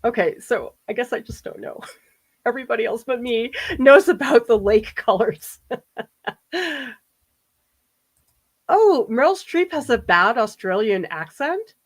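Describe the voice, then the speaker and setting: Her voice is a little high and animated, slow and marked by long pauses. An art professor from the US East Coast, she chats casually through a livestream painting demo, often laughing as she reads viewers' comments aloud.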